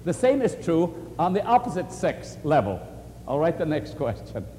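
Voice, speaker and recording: A man preaching and answering questions, earnest and animated, often quoting scripture. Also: fairly high pitch, moderate pace, big-room sound, slight background noise. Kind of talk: sermon-style question and answer.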